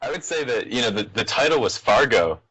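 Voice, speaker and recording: A man's voice: medium pitch, animated, fairly quick, sharp tone, husky, poor audio. A young man co-hosting a casual film chat, laid-back, with many fillers and laughs between thoughts. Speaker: podcast co-host.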